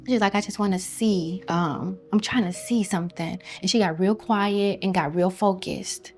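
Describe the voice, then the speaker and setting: Over soft background music, a young woman speaks in a mid-range voice at normal speed as she shares her testimony. Her story is of a difficult pregnancy, told emotionally, and she drops almost to a whisper at the toughest moments.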